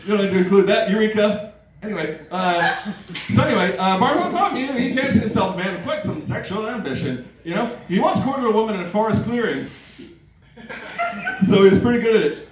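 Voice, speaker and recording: A man's voice: high voice, animated, fairly quick. A man performing at an open mic comedy night, reading comic fan fiction aloud with rambling asides and fillers. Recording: echoey and distant with noise.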